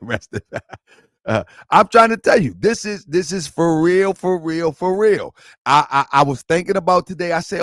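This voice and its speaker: A man's voice: fairly high pitch, lively intonation, moderate pace, fairly bright tone, no room sound, clean studio sound. A man hosting his online show, talking in a rambling, repetitive way with lots of slang. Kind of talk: casual livestream talk.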